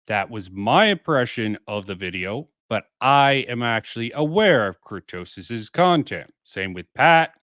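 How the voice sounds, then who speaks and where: A man's voice: medium pitch, fairly bright tone, no echo, studio quality. Musing man reacting to clips. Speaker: commentary video host. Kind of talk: reaction commentary over clips.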